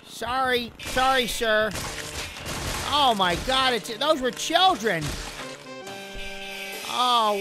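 A man doing Grandpa Lemon, a rambling old lemon. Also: high-pitched. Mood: chatty. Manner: rambling, exclaiming at the game. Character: elderly male lemon, rambling and chatty. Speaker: game commentator. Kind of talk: let's play commentary.

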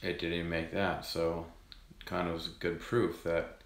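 A man hosting his own video channel, talking to viewers in a monotone, rambling way with many fillers. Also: deep voice, measured pace, reverberant. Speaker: channel host. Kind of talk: casual outro to viewers.

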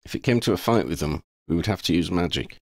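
A man voicing a sensible young wizard who leads the group, firm and commanding, a little higher than his own voice. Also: lively intonation, quick pace, gravelly, a little mellow, no room sound, clean studio sound, full character voice.

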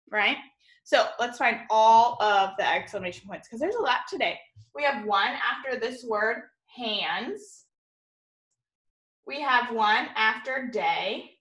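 Woman teacher, slow careful delivery, spelling words out, encouraging, echoey room. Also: fairly high pitch. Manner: warm encouraging teacher talk, addresses class as friends. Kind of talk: remote classroom lesson.

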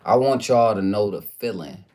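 A young man with a slightly low voice chats in a relaxed, teasing way, speaking to his viewers in easy slang. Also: moderate pace. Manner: laid-back, teasing, slangy. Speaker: vlogger. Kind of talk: casual chat.

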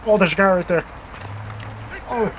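A man's voice: sits high, moderate pace, noisy background. A young man on voice chat in a shooter game, talking bluntly and laid-back with plenty of swearing. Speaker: gamer on voice chat. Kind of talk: casual gaming chat.

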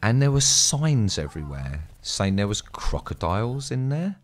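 An English man telling a rambling, sweary story in a casual, animated way as a streamer. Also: fairly low pitch, normal speed. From England.

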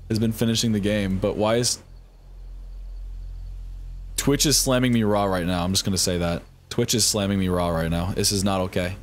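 A man's voice: on the low side, slight background noise. A young man streaming a game live from home, talking to his chat in a flustered, swearing way. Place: home room with computer.

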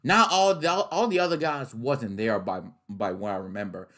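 A young man reacting to a trailer in a casual way, excitable and loud, swearing and laughing often. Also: medium pitch, normal speed. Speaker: reaction video host.

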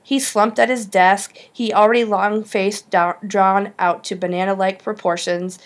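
A woman reading a children's novel aloud, with lively shifts in pitch on the dialogue. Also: unhurried. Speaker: audiobook reader. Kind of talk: storybook narration.

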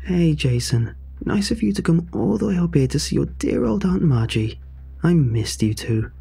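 A man's voice: fairly high pitch, animated, moderate pace, creaky, dark tone, husky, soft background music, pitched above the performer's own voice, heavily acted. A man putting on an eager, manic glowing aunt. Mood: welcoming. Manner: chatty, rambling and eager. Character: cheerful, slightly manic aunt, an inventor changed by a glowing meteor.

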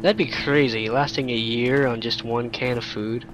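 A man's voice: mid-range voice, fairly even intonation, normal speed. A man hosting a gaming video, thinking aloud and joking as he plays. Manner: joking, chatty, thinks aloud, laughs at his own jokes. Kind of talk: let's-play commentary. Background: game music.

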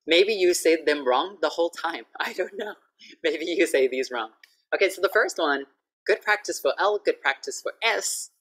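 A woman with a voice on the low side teaches English pronunciation online through a video call, patiently and clearly repeating every word.

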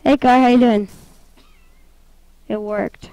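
A woman giving casual, excitable gameplay commentary, giggling and talking to the game as she plays. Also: on the high side, takes it slowly, slight background noise, poor audio.

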